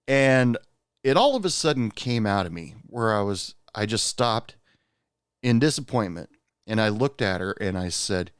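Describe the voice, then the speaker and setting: A man with a lowish, smooth voice talks casually into a close mic, recounting a story as a podcast host. He meanders with frequent pauses and fillers. The sound is dry and close. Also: no room sound. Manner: rambling, many "uh" pauses, animated when quoting.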